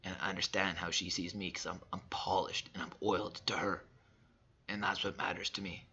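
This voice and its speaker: A man in his thirties delivering a personal motivational monologue, emphatic and repetitive, swinging between loud and soft. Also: deep voice, level tone, a little fast, dull audio. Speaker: father sharing reflections.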